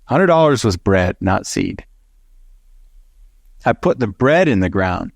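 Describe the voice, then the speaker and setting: A man teaching a Bible study, telling a personal story in a lively way, acting out the other people's words and laughing along. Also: fairly low pitch, slow pace, gravelly, no echo, studio quality. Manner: animated storytelling, acts out quoted voices, laughs. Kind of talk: sermon storytelling.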